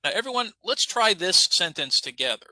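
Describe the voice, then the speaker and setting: Male ESL teacher, upbeat coach, bright animated voice, dry close mic. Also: sits high, fairly quick, no echo, poor audio. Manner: upbeat, coaching students to repeat. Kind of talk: online class instruction.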